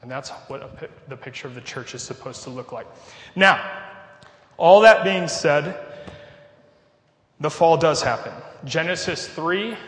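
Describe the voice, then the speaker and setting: A man's voice: medium pitch, a bit bright. Nasal man preaching in an echoey hall. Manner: conversational preaching with asides. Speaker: pastor. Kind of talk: sermon. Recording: echoey hall with long reverb.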